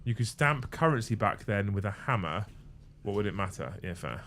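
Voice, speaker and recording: A man's voice: on the low side, animated, moderate pace, a bit bright, slight background noise. Chatty man hosting a livestream. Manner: banter, thanking viewers, swearing. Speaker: livestream host. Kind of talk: casual livestream chat.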